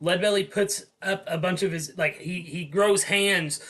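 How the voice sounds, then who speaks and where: A man's voice: sits high, steady tone, a little slow, a bit bright. A man playing in a tabletop game, talking in a playful way. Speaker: player.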